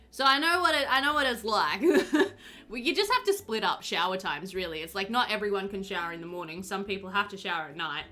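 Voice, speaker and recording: A woman's voice: medium pitch, bright, forceful tone. A woman casually chatting on a live stream while playing a game, giggling often and answering viewers' questions. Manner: chatty and giggly, reading sim bios aloud and answering chat.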